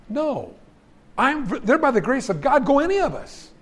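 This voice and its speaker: Preaching a sermon in a high, very animated voice at a moderate pace, a male pastor reads scripture aloud. He talks to the congregation like friends, emphatic and folksy.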